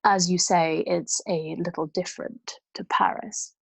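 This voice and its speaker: A woman reading the part of a disdainful male village priest, speaking low, smooth and politely sneering. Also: fairly even intonation, a little slow, no room sound, exaggerated voice. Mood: silken.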